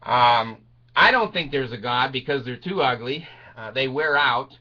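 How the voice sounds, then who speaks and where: An older man telling a rambling comic story, laughing through his words, crude and self-mocking, swinging from low mutters to high yelps. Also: lively intonation, measured pace, pushed and bright, lo-fi sound.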